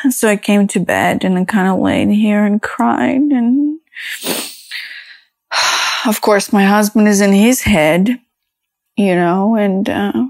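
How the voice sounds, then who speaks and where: Slow, fry-edged woman musing aloud. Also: medium pitch, dry recording. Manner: halting and reflective, many fillers and restarts. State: emotional, close to tears. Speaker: podcast host. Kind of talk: personal podcast monologue.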